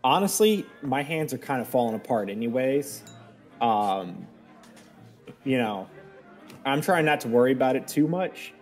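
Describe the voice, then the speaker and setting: A player in a tabletop game talks in character, laid-back and rambling. The pitch is middling, and faint music plays underneath. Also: lively intonation, unhurried, long pauses, a little mellow.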